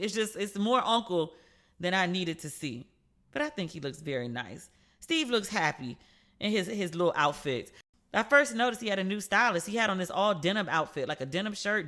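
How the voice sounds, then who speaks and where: A woman hosts her own podcast alone, chatting through stories with lively, teasing asides. Her voice is bright and forward, set at an ordinary middle pitch. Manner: chatty, animated storytelling with playful asides. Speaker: podcast host. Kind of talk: casual solo podcast commentary.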